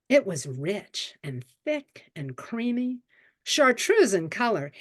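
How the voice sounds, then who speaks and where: A woman in her seventies shares a childhood memory as a storyteller, painting scenes in vivid detail. Her mid-range voice moves with lively, animated pitch as she draws listeners in. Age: 70s. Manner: vivid, expressive childhood memoir telling. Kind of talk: personal storytelling. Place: story swap event.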